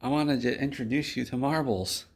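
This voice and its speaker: A man tells an absurd story in a flat, deadpan way, wandering and restarting as he goes. His voice has a gravelly, creaky edge and sits at an ordinary pitch for a man. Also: moderate pace. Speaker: video host. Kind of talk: absurd tall-tale storytelling.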